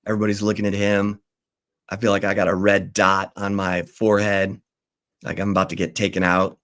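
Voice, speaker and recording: Talk-show host, male, lower register, anecdotal storyteller who mimics the people he quotes. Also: completely flat delivery, brisk, fairly bright tone. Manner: acts out quoted people in changing voices. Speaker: sports talk host and former reporter. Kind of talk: animated storytelling.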